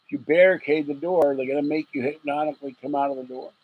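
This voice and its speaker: A man's voice: on the high side, steady tone, quick pace, slightly rough, narrow, tinny audio. A man hosting a late-night livestream, rambling and joking with viewers, chuckling often and getting sleepy. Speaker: livestream host.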